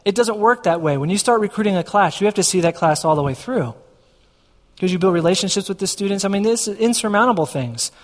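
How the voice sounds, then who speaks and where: A man's voice: high-pitched, lively intonation, fast, long reverb tail. A man preaching a sermon as a pastor, telling a story and acting out his own dialogue with God.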